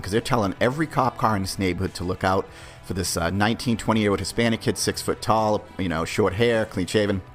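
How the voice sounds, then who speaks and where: A man hosting a podcast, telling a story in a brash, profane, conversational way. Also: on the low side. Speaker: podcast host. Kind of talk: casual storytelling.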